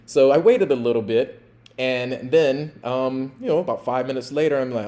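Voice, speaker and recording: A man in his fifties tells a personal story, casual and animated. His voice is warm and mellow, sitting at an ordinary pitch, and he slips into the voices of the people in his tale. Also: moderate pace. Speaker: podcast host, former police officer.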